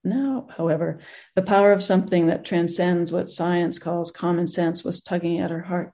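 A group teacher reading a moving story aloud in a gentle way, with pauses and restarts. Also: mid-range voice, steady tone.

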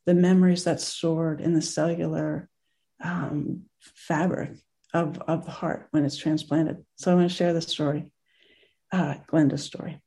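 A group teacher reading a moving story aloud in a gentle way, with pauses and restarts. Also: medium pitch, little pitch movement, vocal fry.

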